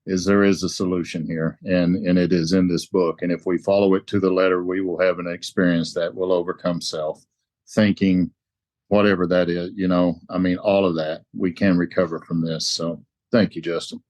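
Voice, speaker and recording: A man with an accent offers his takeaway at a recovery roundtable. His voice is very deep, and he stresses points by repeating them. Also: level tone, normal speed, darkish tone. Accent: non-native. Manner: emphatic, repeats key words. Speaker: roundtable participant. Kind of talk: casual recovery-meeting sharing.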